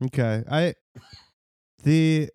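A man co-hosting a casual comedy chat, tossing in deadpan jokes and quick asides. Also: on the high side, clean tone, no room sound, clean studio sound. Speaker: podcast co-host.

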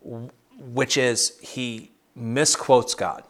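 A man's voice: mid-range voice, fairly even intonation, drawn-out words. A man leading a casual Bible study over a video call, talking conversationally with frequent restarts and fillers.

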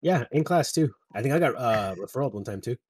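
A young man chatting casually with friends, telling animated stories, laughing and swearing freely. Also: mid-range voice, fairly quick, husky, no room sound, studio quality.

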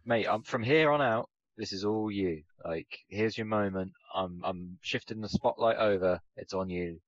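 A man's voice: on the low side, normal speed, no room sound. A man co-hosting a podcast in casual chat, teasing and jokey. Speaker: podcast co-host. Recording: dull lo-fi sound with music behind.

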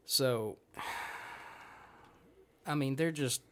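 A man's voice: mid-range voice, drawn-out words, a bit bright, a little hiss or hum. A man in his thirties, a podcast guest, telling a rambling, profane story in casual chat. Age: 30s.

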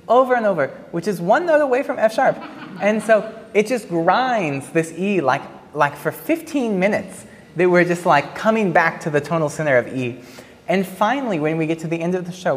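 A woman speaking thoughtfully to an audience at a theater talk, searching for words with many pauses and fillers. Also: low-pitched. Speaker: panelist at a pre-show talk about an opera. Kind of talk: casual talkback to an audience. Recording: long hall reverb.

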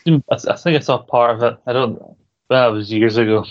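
A man's voice: medium pitch, moderate pace, muffled recording. A man co-hosting a podcast, rambling in casual chat, laughing often and swearing casually. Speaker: podcast co-host. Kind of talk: casual chat about a TV show.

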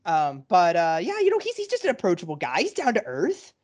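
A woman's voice: fairly low pitch, huge pitch swings, fairly quick, darkish tone, husky. A woman co-hosting a podcast in casual chat, joking and retelling scenes with animation. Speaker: podcast co-host. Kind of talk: casual chat about a book.

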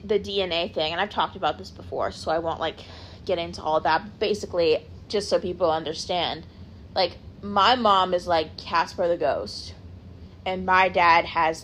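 A woman's voice: mid-range voice, a bit bright. Young woman, solo podcast chat, rambling and self-correcting, faint hum behind. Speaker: podcast host.

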